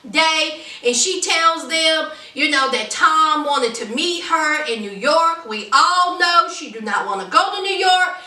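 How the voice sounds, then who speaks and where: A woman's voice: high voice, animated, a little slow, hardly any pauses, bright, forceful tone. A woman recapping a TV show in a sassy, casual way, laughing and calling listeners honey and child. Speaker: TV show reviewer. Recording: echoey room, distant from the mic.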